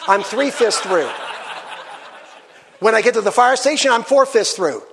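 A pastor in his sixties, a man preaching a sermon in church, animated and acting out the voices he quotes. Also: high-pitched, slightly rough.

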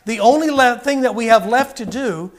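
A man preaching a sermon in a high-pitched voice. He hammers his points home with repeated phrases and asks the congregation question after question. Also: normal speed. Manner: emphatic, repetitive rhetorical questions.

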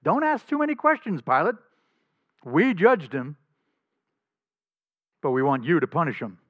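A man's voice: a little high, huge pitch swings, measured pace, dry recording, voice pushed up, heavily acted. A man voicing scheming religious accusers who coax a governor in a sly, wheedling, insistent way. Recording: slightly dull lo-fi recording.

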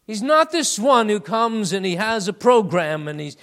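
In a sing-song manner at a moderate pace, a man delivers a sermon, addressing his congregation as beloved. He shifts between loud emphatic highs and quiet, low asides.

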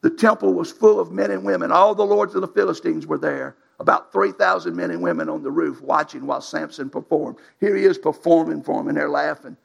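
A preacher with a strongly gravelly, raspy voice that sits high for a man. He preaches in a folksy, emphatic way, reading scripture and exhorting his congregation in plain colloquial speech. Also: steady tone, a little fast, few pauses. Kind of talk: sermon.

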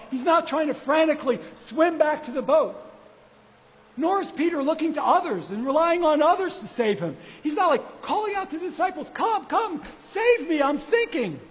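A man preaching a sermon, measured and repeating key phrases for emphasis. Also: very high-pitched. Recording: echoey hall, dull lo-fi sound.

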